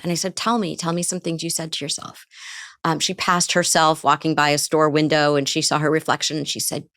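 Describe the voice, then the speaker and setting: A woman's voice: low voice, moderate pace, a bit bright, no room sound, studio quality. A woman therapist in an interview, explaining ideas and often asking rhetorical questions. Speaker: therapist guest. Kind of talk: interview conversation.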